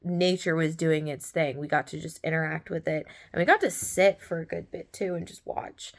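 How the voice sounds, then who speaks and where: A woman's voice: low-pitched, normal speed. A young woman telling a story in a casual, gushing way, laughing often as she talks. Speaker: podcast host.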